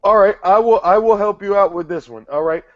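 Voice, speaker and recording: Blunt, high-voiced male host. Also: brisk, no echo. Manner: blunt, teasing and profane. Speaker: show host. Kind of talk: casual interview chat. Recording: dry, muffled lo-fi audio.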